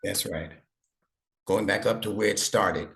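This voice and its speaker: A man's voice: low voice, steady tone, measured pace, gravelly, a bit bright. A man teaching an online lesson over a video call, patient and encouraging, praising his student often. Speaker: instructor.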